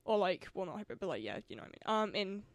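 A woman's voice: medium pitch, big pitch swings, racing, no room sound. A woman hosting a podcast, chatting casually and rambling with lots of fillers. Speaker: podcast host. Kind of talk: casual chat.

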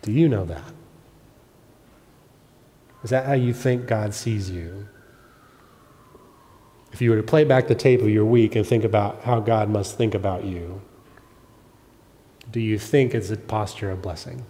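A man preaching a sermon as pastor, earnest, swelling to emphatic peaks and then dropping soft. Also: lowish voice, a little slow, long pauses. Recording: long reverb of a large hall.

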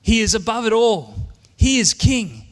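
A man's voice: high-pitched, sing-song, a little slow, in a large hall. An Australian man in his forties preaching a sermon in church, earnest and emphatic, repeating his key lines. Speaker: pastor.

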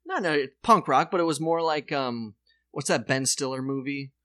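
A man's voice: a little high, moderate pace, pushed and bright, no room sound, studio quality. A man hosting a comedy podcast, rambling casually with lots of swearing and jokes. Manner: rambling, laid-back, swears freely, jokey. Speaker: podcast host.

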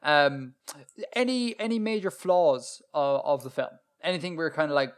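Higher-voiced man chatting on a podcast. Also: moderate pace, clean tone. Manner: chatty, asks follow-up questions. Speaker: podcast co-host. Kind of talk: casual chat.

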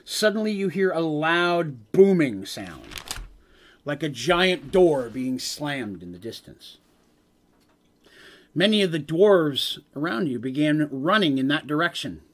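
A man's voice: on the high side, a bit bright. A man acting as game master, retelling a tabletop game session in dramatic narration with casual asides.

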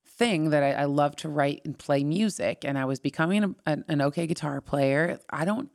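A woman from California, a singer-songwriter guest, rambling through animated stories in a casual interview. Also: deep voice, normal speed, vocal fry, no echo, clean studio sound.

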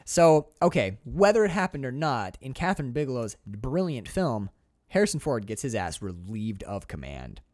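A man casually recapping a film in a profane, animated way, acting out its characters. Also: mid-range voice, normal speed, no room sound, clean studio sound. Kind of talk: casual movie recap chat.

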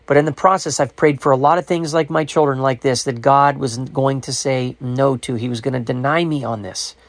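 A man's voice: medium pitch, fairly even intonation, moderate pace. A man giving personal religious commentary on his own show, earnest and reflective. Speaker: podcast host with a ministry.

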